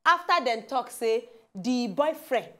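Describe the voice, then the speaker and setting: A woman's voice: a little high, animated, measured pace, pushed and bright. A woman with a Nigerian Pidgin accent, co-hosting a TV talk show in a teasing, chatty way. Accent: Nigerian Pidgin English. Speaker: TV show co-host. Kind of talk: casual chat presenting news stories.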